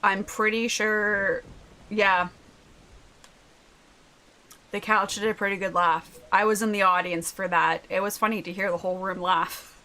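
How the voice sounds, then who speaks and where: A young woman streaming a video game live, chatting with viewers and yelling excitedly at the game. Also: mid-range voice, unhurried, long pauses.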